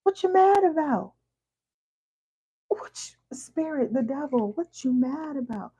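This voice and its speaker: A woman's voice: high voice, animated, unhurried, dark tone, pitched above the performer's own voice, rough recording. A woman putting on a sassy scolding God. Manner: teasing, exclamatory street talk.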